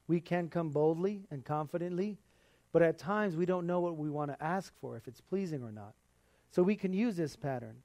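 A man preaching an earnest sermon in a conversational voice that sits a little high. He laughs now and then. The sound is dry and close, with no room echo. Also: normal speed, mellow.

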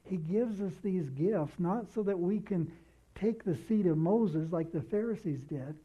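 A man's voice: high-pitched, measured pace, mellow, slightly rough. Man, pastor, earnest sermon, repeats phrases, thin phone-like sound. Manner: earnest preaching, repeats key phrases for emphasis.

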